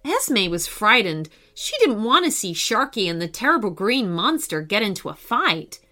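A woman narrating a children's story in a lively, expressive reading voice. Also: mid-range voice, moderate pace.

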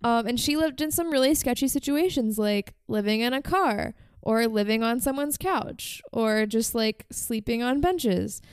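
A woman podcast host with a fairly high, clean voice tells a story in casual chat, recorded dry. She speaks unhurriedly with few pauses, chatty and leaning heavily on "like" as a filler.

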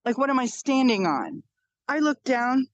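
A woman's voice: sits high, animated, moderate pace, dry recording, highs cut off. A woman in her fifties, a podcast guest, earnestly telling a personal story and repeating phrases for emphasis.

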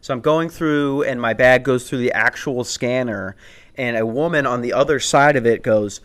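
A man's voice: mid-range voice, normal speed, a bit bright. A young adult man telling stories on a podcast in a casual, rambling way, swearing and laughing often and restarting his sentences. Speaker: podcast host. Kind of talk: casual storytelling chat.

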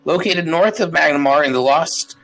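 A man reads a long legal deed aloud during a tabletop game, pausing and stumbling over the words. His voice sits a little above the usual male range. Faint music plays quietly underneath. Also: a little high, gravelly, low-quality recording. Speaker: player.

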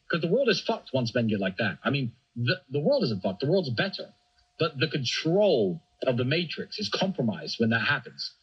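A man's voice: on the high side, a bit bright, slightly rough, dull audio. A man speaking emphatically as a podcast guest, often repeating words as he restarts. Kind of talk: animated conversational monologue.

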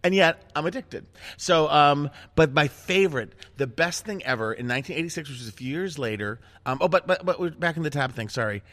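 A middle-aged man hosting a casual chat, telling self-mocking stories in a lively, animated way. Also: a little high, brisk, few pauses. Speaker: host.

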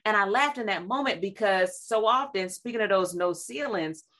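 A woman, sharing devotional reflections and quoting scripture in a lively, conversational preaching way. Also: mid-range voice, normal speed. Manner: animated, quotes scripture, acts out voices. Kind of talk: faith talk, conversational preaching.

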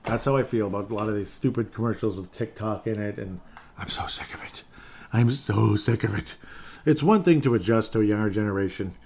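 A man's voice: on the low side, brisk, background noise. A man hosting a solo sports podcast, reading listener messages and launching into sarcastic rants, often repeating his own phrases. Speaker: podcast host.

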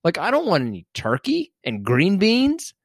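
A man's voice: high-pitched, wildly swooping pitch, normal speed, no echo, clean studio sound. A man co-hosting a casual podcast, teasing and incredulous as he jokes. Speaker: podcast co-host.

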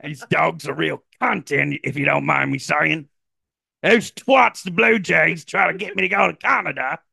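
A man's voice: on the high side, moderate pace, creaky, bright, forceful tone, breathy edge, no echo, clean studio sound, pitched above the performer's own voice, exaggerated voice. A man putting on a crude, exaggerated Cockney and Australian accent to play a brash male ballplayer. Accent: put-on Cockney and Australian. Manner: rowdy, profane, exaggerated.

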